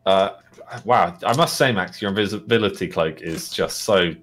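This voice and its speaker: Game master narrator, male, lowish, loose and rambling. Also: normal speed, a bit bright, slight background noise. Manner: rambling, filler-heavy, laughs often.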